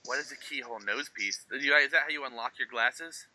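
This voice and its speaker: A man's voice: mid-range voice, a little fast, sharp tone, no echo. A young man co-hosting a podcast, chiming in with playful, teasing remarks in casual chat. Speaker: podcast co-host.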